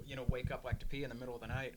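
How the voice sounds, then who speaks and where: A man's voice: medium pitch, little pitch movement, racing, over a noisy crowd. A man co-hosting a comedy podcast in casual chat, telling rambling stories and laughing through them. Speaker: podcast co-host. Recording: noisy background.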